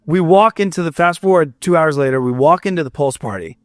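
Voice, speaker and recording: A young musician from Fort Myers, Florida, speaks in a brisk, high-leaning voice, recorded studio-clean with no echo. As a guest in casual chat he tells a story animatedly, acting out quotes and swearing now and then.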